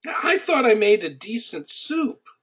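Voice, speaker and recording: A man's voice: very high voice, big pitch swings, measured pace, fairly bright tone, husky. A middle-aged man coaching an audience on building an online business. He teaches through personal stories and speaks in a conversational, anecdotal way, hitting his key points with emphasis.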